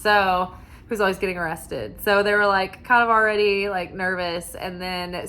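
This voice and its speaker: A woman's voice: lowish voice, fairly bright tone. Casual, rambling woman tarot reader; talks with frequent fillers and self-corrections. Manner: rambling, many fillers and restarts. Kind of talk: casual spiritual chat.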